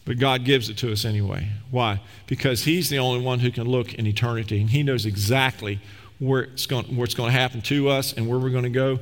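A man preaching a sermon as pastor, telling stories with lively swings between loud, rising passages and hushed, low ones. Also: brisk. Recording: long echo of a large hall.

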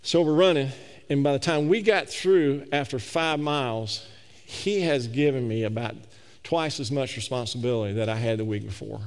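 A middle-aged male pastor tells a story from the pulpit in a folksy, animated way, repeating himself as he goes. His voice sits at an ordinary male pitch, and long reverb from a large sanctuary trails after every phrase. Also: normal speed, clear, resonant tone. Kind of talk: storytelling sermon.

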